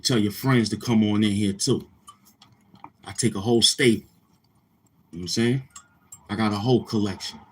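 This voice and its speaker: A man's voice: on the low side, moderate pace, pauses often, a little hiss or hum. A man hosting a livestream, chatting casually with viewers in a boastful, crude, repetitive manner. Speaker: livestream host.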